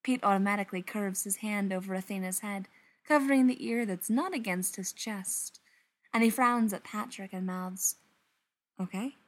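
A woman narrating a story in an expressive, animated reading voice. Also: mid-range voice, normal speed.

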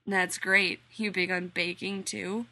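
A woman's voice: medium pitch, little pitch movement, slow pace, bright, forceful tone. A woman voicing a cocky, flirty male workman in an audiobook reading, smug and easygoing.

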